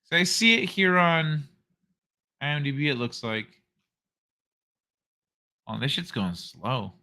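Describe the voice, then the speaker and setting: A man with a bright, slightly high voice hosts a loose late-night show. He takes his time, drawling through reactions, laughing often and swearing casually. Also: lively intonation, slow pace. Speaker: host.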